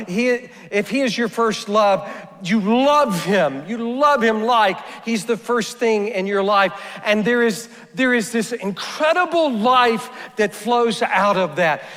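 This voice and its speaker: A man's voice: sits high, a bit bright, long reverb tail. A man preaching a sermon as pastor, earnest and repeating phrases as he builds each point. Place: church sanctuary.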